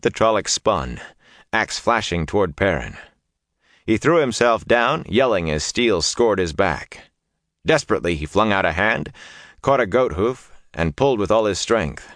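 Deep-voiced man narrating a fantasy audiobook. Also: fairly bright tone, no echo, clean studio sound. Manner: measured, dramatic reading.

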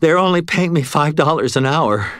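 A frantic young stoner behind the counter, as a male narrator puts him on, his voice jumping high as he begs not to be hurt. The pitch swings widely from line to line. The sound is dry and close. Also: animated, normal speed, fairly bright tone, clear, resonant tone, no echo. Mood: pleading.

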